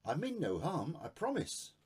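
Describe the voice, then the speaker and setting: A man's voice: on the high side, huge pitch swings, normal speed, pitched above the performer's own voice. A man voicing a timid, pleading homeless travelling artist who stammers when pressed. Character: meek homeless male travelling artist, foreign.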